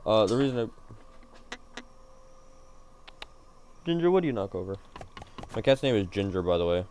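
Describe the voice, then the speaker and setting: A man's voice: lowish voice, sing-song, normal speed, darkish tone, a little hiss or hum. Rambling, joking male game streamer. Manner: rambling, joking and self-mocking, talking to himself. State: yawning, tired. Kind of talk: casual gaming stream chatter.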